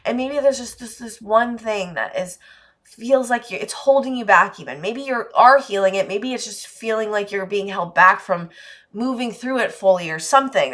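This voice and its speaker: A woman giving a pick-a-card tarot reading to her viewers, talking openly and emotionally, swearing casually and getting heated, then going quiet and tender. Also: mid-range voice, lively intonation, moderate pace. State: emotional, voice dropping low. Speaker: tarot reader.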